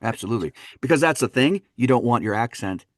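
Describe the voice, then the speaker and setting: Man, dialect coach, guest on interview, lively storytelling, middle pitch, dry close sound. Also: quick pace, no room sound. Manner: animated storyteller, acts out quotes, laughs often. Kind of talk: conversational interview.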